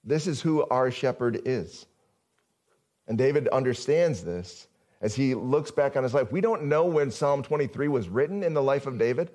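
A man's voice: medium pitch, animated, normal speed, a little mellow. A male pastor giving a conversational sermon, often asking the congregation questions.

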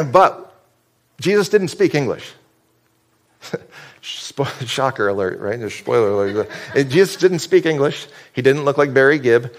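Pastor guy from upstate new york preaching, casual and jokey, keeps restarting sentences. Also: medium pitch. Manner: conversational, joking, often restarts mid-sentence. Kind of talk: sermon.

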